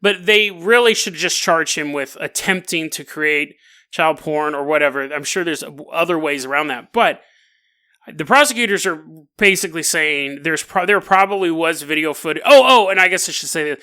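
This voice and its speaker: A man hosting a podcast, telling a story comically in an animated, jokey way and laughing mid-sentence. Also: fairly high pitch, moderate pace, smooth. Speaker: podcast host. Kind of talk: comedic storytelling.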